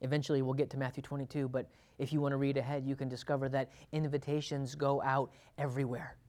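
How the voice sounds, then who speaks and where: A man's voice: mid-range voice, level tone, fast talker, a little mellow. A man teaching a Bible sermon in a conversational way, laughing often and acting out quotes with a lifted voice. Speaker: preacher.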